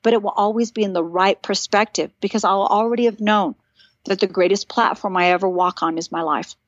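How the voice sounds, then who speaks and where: A woman's voice: medium pitch, steady tone, a little fast, no echo, dull audio. A woman in her fifties, a guest author, telling stories animatedly in a casual podcast conversation and acting out the voices she quotes.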